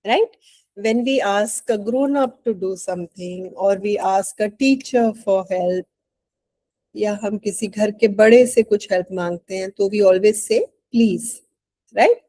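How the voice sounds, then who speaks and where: A woman with a medium-pitched, mellow voice and an Indian English accent teaches English online, talking fast on a rough recording. Patient and encouraging, she keeps asking "right?" to check understanding.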